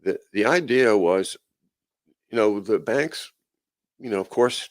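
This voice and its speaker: This live chat-show host has a fairly low, expressive voice and takes his time as he reads news aloud in casual livestream commentary. Chuckling and sardonic, he tosses in asides, frequently saying "uh" and starting over.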